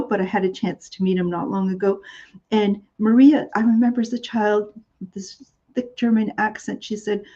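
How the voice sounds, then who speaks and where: A woman's voice: on the high side, warm tone, muffled recording. Chatty woman hosting a shopping show. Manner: chatty, rambling with many fillers. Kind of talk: live shopping show chat.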